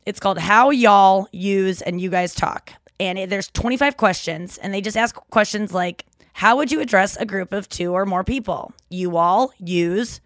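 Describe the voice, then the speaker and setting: A woman, co-hosting a podcast in casual, animated, rambling chat with frequent laughs. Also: mid-range voice, normal speed, hardly any pauses, no echo, studio quality. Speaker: podcast co-host.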